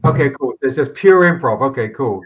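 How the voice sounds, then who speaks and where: A man's voice: medium pitch, lively intonation. A man narrating as game master in a tabletop game, rambling with frequent restarts. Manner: rambling, halting, many restarts.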